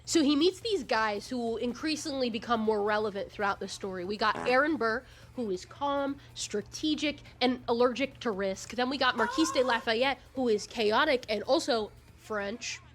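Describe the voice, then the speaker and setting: A woman in her twenties recapping musicals in a casual video commentary, sarcastic, excitable and quick to swear. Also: a little high, a little hiss or hum. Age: 20s. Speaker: YouTuber.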